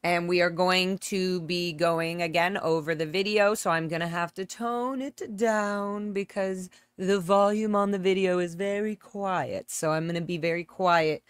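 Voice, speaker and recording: A woman's voice: fairly low pitch, fairly even intonation, a little slow, smooth, no room sound. A woman hosting a casual livestream from home on a close microphone, chatting and greeting viewers by name. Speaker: livestream host. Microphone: close desk microphone.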